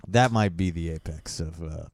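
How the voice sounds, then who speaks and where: A man's voice: low-pitched, moderate pace, a little mellow, no room sound, studio quality. A man co-hosting a podcast, rambling through casual chat and laughing often. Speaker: podcast co-host. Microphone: studio mic with headphones.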